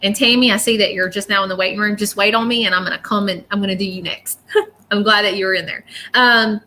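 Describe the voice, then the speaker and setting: A woman delivers a live-stream psychic reading in a bright, sharp-edged voice. Her talk is chatty and rambling, and she keeps checking in with her viewers as she goes. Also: medium pitch, fairly even intonation, fast, a little hiss or hum. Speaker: psychic medium.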